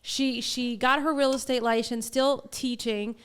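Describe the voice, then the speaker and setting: A woman co-hosting a podcast, prompting her guest with brisk questions and teasing asides. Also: on the high side, steady tone, clear, resonant tone. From New Jersey. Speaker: podcast co-host, brokerage owner. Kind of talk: casual interview.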